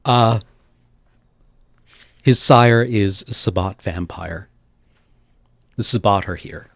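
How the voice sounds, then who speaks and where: Man, tabletop player, slow hesitant speech, mid pitch, dry sound. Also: dry recording. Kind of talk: tabletop role-play chat.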